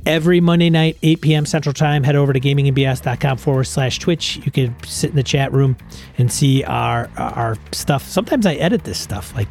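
A man's voice: on the high side, darkish tone. A man co-hosting a casual gaming podcast, talking loosely with restarts and asides. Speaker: podcast co-host. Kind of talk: casual chat.

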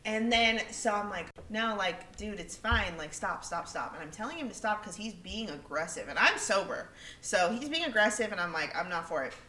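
A young woman co-hosting a podcast, telling a story in a casual, animated way, acting out what people said and swearing freely. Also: medium pitch, normal speed, far from the mic, a little hiss or hum. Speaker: podcast co-host. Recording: echoey room, away from the mic.

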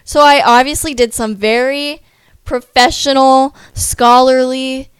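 A young woman chats to her viewers in a loose, rambling vlog, dropping "like" into nearly every sentence and poking fun at herself. Her voice sits a little high and sounds smooth and clean. The recording is dry and close, with no room sound. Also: fairly even intonation, a little slow, dry recording. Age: young adult. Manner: rambling, many "like" fillers, self-deprecating asides. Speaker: vlogger. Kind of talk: casual chatty vlog.

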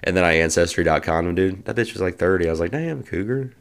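A man's voice: low-pitched, level tone, very fast. A man co-hosting a casual podcast, rambling through crude jokes and tangents. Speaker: podcast co-host. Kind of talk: casual chat.

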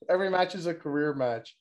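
A young man co-hosting a casual wrestling recap chat, rambling and swearing, laughing often and mimicking wrestlers. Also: sits high. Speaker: podcast co-host.

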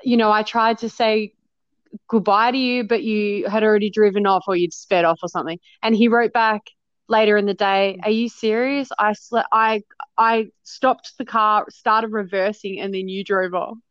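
A woman's voice: mid-range voice, steady tone, normal speed, smooth, dry recording, highs cut off. A woman co-hosting a podcast, telling a personal story in a chatty way with frequent laughs. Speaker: podcast co-host. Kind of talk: casual chat.

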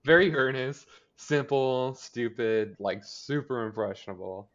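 A man's voice: medium pitch, measured pace, a bit bright, highs cut off, slight background noise. A man co-hosting a podcast, recapping a TV episode in casual chat and acting out the characters' lines. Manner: rambling, filler-heavy, acts out character lines. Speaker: podcast co-host.

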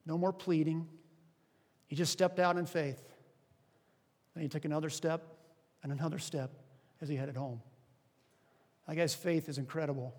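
A male pastor preaching a sermon with animated, rising and falling emphasis. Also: sits high, big-room sound.

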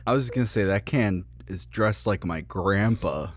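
A young man co-hosting a podcast, making dry, ironic, deadpan jokes in casual chat. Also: lowish voice, moderate pace, no echo. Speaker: podcast co-host.

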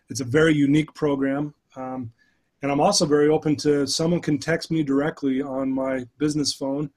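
A middle-aged man, a guest life coach, telling his story in an animated, conversational way during a podcast interview. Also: on the high side. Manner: animated storyteller who addresses the host by name.

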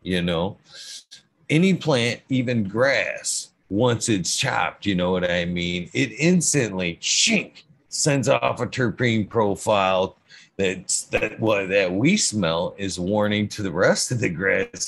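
A man's voice: fairly low pitch, lively intonation, slow pace, creaky, slightly rough. A middle-aged man talking casually about growing, rambling and stuttering, with frequent swearing. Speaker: cannabis grower guest. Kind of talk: casual podcast conversation.

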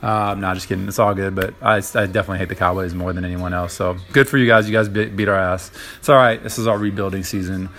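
A man's voice: fairly low pitch, fairly bright tone. Rambling, profane young man. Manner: rambling, profane, many fillers. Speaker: podcast host. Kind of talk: casual solo podcast monologue.

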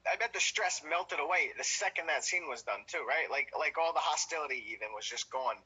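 A man's voice: on the high side, lively intonation, brisk, pushed and bright, slightly rough, rough recording. A man hosting an interview, who responds to his guest's story with encouraging comments. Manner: encouraging, reacts with laughter and agreement. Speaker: host. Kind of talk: casual interview chat.

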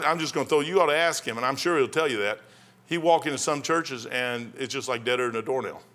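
An older man preaching a sermon as pastor, plain-spoken and folksy, building to loud outbursts. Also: a little high.

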